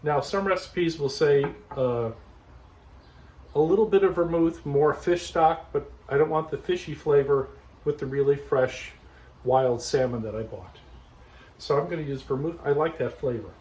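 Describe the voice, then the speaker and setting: A man's voice: fairly high pitch, normal speed, low-quality recording. Chatty man demonstrating a home recipe. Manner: relaxed, chatty, explains step by step. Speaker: home cooking host. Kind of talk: casual cooking demonstration. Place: backyard garden, then home kitchen.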